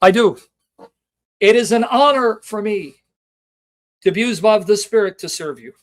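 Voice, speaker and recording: A man whose voice sits high speaks a little slowly as he hosts a livestream Bible lesson. He is passionate and emotional, speaking straight to viewers, reading scripture references aloud and putting rhetorical questions to them.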